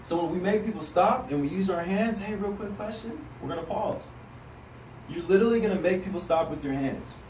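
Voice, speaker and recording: An energetic man coaches a group of salespeople in a room, his voice sitting a little higher than most men's. He is heard from some distance, with a roomy echo and a faint hum of the space behind him. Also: brisk. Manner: energetic, coaching, often asks the group "right?". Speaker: sales team trainer. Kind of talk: live training talk to a group.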